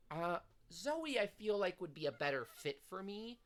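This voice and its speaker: A woman streamer reading a dating game aloud, narrating and commenting in a low, relaxed way. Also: moderate pace, few pauses.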